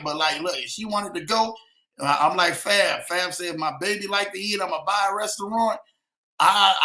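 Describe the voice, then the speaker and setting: A man's voice: fairly high pitch, bright, forceful tone, reverberant. A man hosting a casual live stream, reading out viewer comments and chatting easily, laughing often and calling people man and brother. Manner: laid-back, laughing, keeps saying man and brother.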